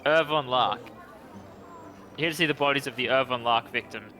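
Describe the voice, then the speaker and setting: A man's voice: mid-range voice, normal speed, bright, forceful tone, slight background noise. A man playing a tabletop game, speaking hesitantly in character with stumbles. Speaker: player.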